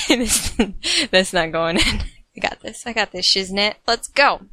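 A woman's voice: mid-range voice, unhurried, sharp tone, dry recording. A woman reading her own fan fiction and joking through her bloopers, giggly and self-mocking, with frequent swearing. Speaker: fan fiction author and reader. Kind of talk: casual blooper reel of a story reading.

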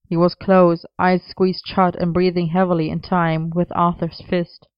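A narrator reading a romance story aloud in a steady, even storytelling manner. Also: medium pitch, normal speed, smooth, no room sound, highs cut off.

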